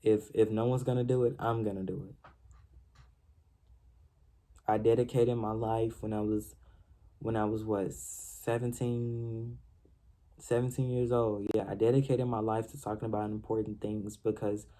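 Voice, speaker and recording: Earnest young man with a flat, dark voice. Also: lowish voice, measured pace, pauses often. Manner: earnest, repeats phrases, stammers on restarts. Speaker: series host telling his life story. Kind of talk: personal confessional monologue.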